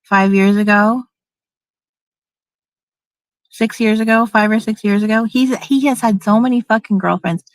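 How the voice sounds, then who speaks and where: Middle-aged woman ranting casually, swears a lot, keeps restarting, mid pitch, dry close sound. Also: fairly even intonation, unhurried, pauses often, dry recording, poor audio. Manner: blunt, profane, rambling with restarts. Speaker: vlogger. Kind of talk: casual storytime vent.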